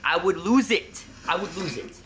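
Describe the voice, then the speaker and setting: A man hosting a horror reaction video, talking excitedly, laughing and breaking into startled yells. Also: high-pitched, normal speed, background noise.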